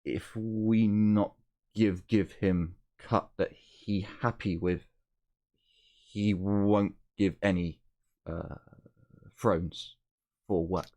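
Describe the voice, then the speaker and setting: A man voicing a gruff male guide who speaks in broken, clipped phrases. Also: on the low side, steady tone, very slow, pauses often, a little mellow. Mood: blunt.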